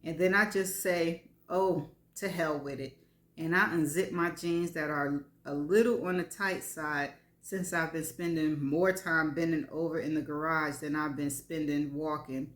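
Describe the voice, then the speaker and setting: A woman's voice: low voice, steady tone, normal speed, hardly any pauses, fairly bright tone. A woman giving a live reading of frank first-person fiction, wry and laughing between lines. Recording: echoey room.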